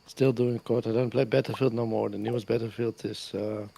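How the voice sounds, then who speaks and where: Guy on voice chat, dark gravelly voice, chatty, repeats himself. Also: medium pitch, fairly even intonation, brisk, slight background noise. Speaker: guest chatting on a stream. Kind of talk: casual gaming chat.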